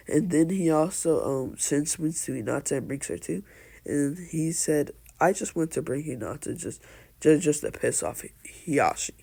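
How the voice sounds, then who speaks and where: Slow, rambling man retelling a story. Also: on the high side, vocal fry, warm tone. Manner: rambling, hesitant, strings events with "and so then". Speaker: fan storyteller. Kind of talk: casual retelling of a fan story.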